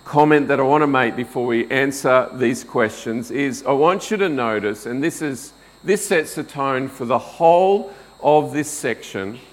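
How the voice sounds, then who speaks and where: Slow, deliberate male preacher. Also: mid-range voice, poor audio. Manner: slow, deliberate, rhetorical questions. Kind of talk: expository sermon.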